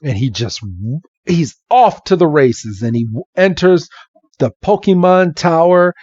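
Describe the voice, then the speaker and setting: A man's voice: fairly high pitch, unhurried, no room sound. A man hosting a podcast, casually retelling a comic and acting out the characters. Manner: animated, acts out the characters. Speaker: podcast host. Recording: slightly dull, dry recording.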